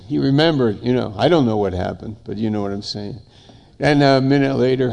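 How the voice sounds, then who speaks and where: A man's voice: medium pitch, fairly quick, gravelly, a little mellow. An older man preaching a sermon, emphatic and given to repeating phrases in long lists.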